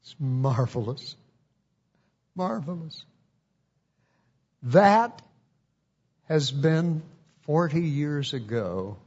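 A male preacher telling a testimony in an earnest, folksy manner, taking his time over every phrase. His voice sits at an ordinary middle pitch, and the recording sounds dull and lo-fi. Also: creaky, a little mellow, breathy edge. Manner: earnest, folksy storytelling with acted quotes. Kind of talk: sermon testimony storytelling.

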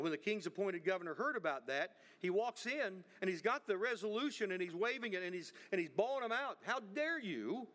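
A middle-aged preacher with a fairly high voice delivers a sermon as a story. He often repeats words and restarts his sentences as he goes. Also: a bit bright.

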